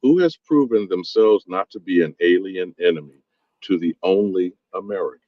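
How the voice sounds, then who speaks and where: A man's voice: low-pitched, normal speed, no room sound. A man in a casual discussion, asking probing questions. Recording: dull lo-fi audio.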